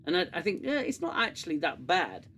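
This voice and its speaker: A man's voice: fairly high pitch, wildly swooping pitch, fairly quick, a bit bright, a little hiss or hum. A man hosting a casual review livestream, sarcastic and rambling with many fillers. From United Kingdom. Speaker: show host.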